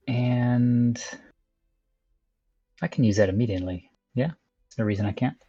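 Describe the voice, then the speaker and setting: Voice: medium pitch, moderate pace, dark tone, no room sound, lo-fi sound. A player in a tabletop game, talking in a laid-back way. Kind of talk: casual tabletop play.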